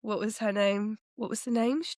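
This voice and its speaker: A woman's voice: medium pitch, steady tone, moderate pace, a little mellow, no echo, studio quality. A woman co-hosting a casual book chat, laughing often and trailing off mid-thought. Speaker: podcast co-host.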